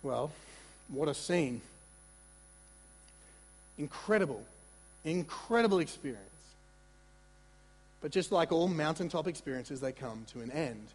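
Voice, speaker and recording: A man preaching a sermon in a conversational, animated way, with asides and repeated words. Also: on the high side, unhurried, long pauses, slightly rough, long reverb tail. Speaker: pastor.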